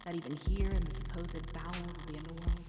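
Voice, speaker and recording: A woman's voice: lowish voice, fairly even intonation, fast talker, echoey room, big-room sound, over loud music, voice pushed down, lightly acted. A woman streamer voicing a weary, sarcastic woman defense lawyer, narrating in a dry, wry way. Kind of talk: game narration read aloud.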